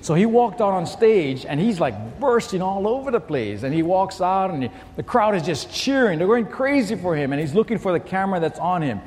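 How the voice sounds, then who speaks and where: A man's voice: sits high, big pitch swings, normal speed, few pauses, in a large hall. A man preaching a sermon to a congregation, telling a story and acting out the quoted lines. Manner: storytelling, acts out quotes and shouts. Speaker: pastor.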